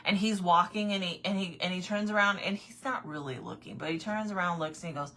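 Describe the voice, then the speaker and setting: A woman with a slightly husky, bright-edged voice chats through a rambling personal anecdote. She sits on the lower side of the pitch range for a woman, keeps circling back with repeated phrases, and breaks into laughter as she talks, casual and chatty throughout. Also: fast talker, few pauses. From Arizona. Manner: animated, repeats "I said", laughs often. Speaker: vlogger. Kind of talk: casual storytelling.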